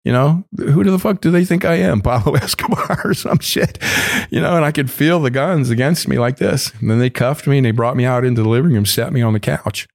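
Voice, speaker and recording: A man guest in an interview, telling a rambling story full of swearing, now and then acting out other people's shouts. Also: brisk. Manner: acts out other people's shouting in sudden high bursts. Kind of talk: casual storytelling.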